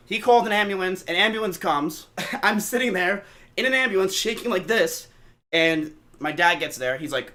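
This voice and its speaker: A man with a high, bright voice tells a story to his live chat. He swears freely and acts out the other people's lines as he goes. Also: normal speed. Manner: animated, profane, acts out quotes. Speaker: streamer.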